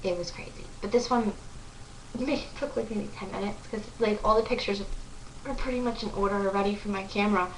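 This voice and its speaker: A young woman vlogger excitedly telling a story to the camera, gushing and full of "like" fillers. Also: medium pitch, fairly quick, recorded from a distance, slight background noise. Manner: breathless, gushing, lots of "like" fillers. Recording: echoey room, voice off-mic.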